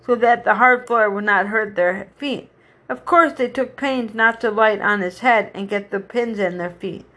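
A woman reads a children's story aloud with a slightly high voice. Her reading is unpolished, and she often stops to restart a line. The pace is steady and plain. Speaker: reader.

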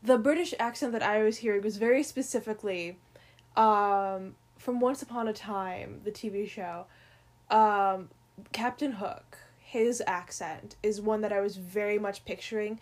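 A woman co-hosting a podcast, chatting excitedly about characters and often trailing off and restarting. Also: medium pitch, a little slow. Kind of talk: casual chat about books.

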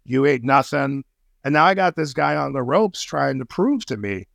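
Here the man's voice is fairly high and a touch bright, still creaky, and he's very animated while keeping a normal speed. He's an intelligence analyst on a podcast, chatting casually with slang, swearing, lots of fillers and restarts, and the audio has no room sound.

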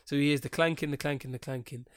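A man with a slightly raised pitch tells a sprawling story in casual podcast chat. He talks in an animated, rambling way and swears freely. The recording is dry and close. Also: fast talker, clear, resonant tone, dry recording. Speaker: podcast co-host.

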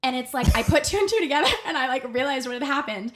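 A young adult woman, a podcast guest, telling a workplace story in a casual, animated way, full of fillers and acted-out quotes. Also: sits high, fast talker.

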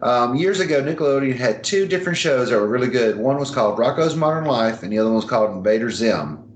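A man's voice: mid-range voice, expressive, quick pace. A man co-hosting a podcast, laid-back with dry teasing. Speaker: podcast co-host. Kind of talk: casual podcast chat. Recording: roomy echo.

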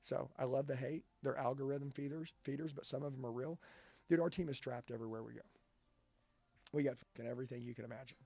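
Gravelly, blunt, profane man. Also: medium pitch, fairly even intonation, fast, warm tone, dry recording. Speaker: sales trainer, guest. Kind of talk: intense motivational interview talk.

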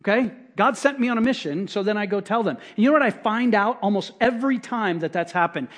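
A middle-aged male pastor delivers a sermon in a high-pitched voice. He keeps it conversational, acting out little quotes and hammering points through repetition. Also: fast talker, fairly bright tone.

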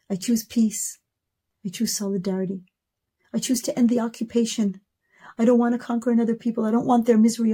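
A woman's voice: mid-range voice, creaky, mellow, slightly rough. A woman in her thirties giving an emotional personal testimony in a video message, talking with passion and stacking repeated words into rising lists.

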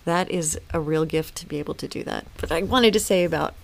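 A woman's voice: sits low, brisk, vocal fry. A woman in her fifties, a mother speaking as a podcast guest, reflective and earnest with frequent restarts. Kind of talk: casual podcast conversation.

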